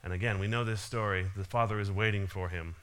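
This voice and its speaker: Casual low-voiced man preaching. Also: steady tone, fast, fairly bright tone. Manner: casual, chuckling, retelling a parable. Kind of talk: sermon.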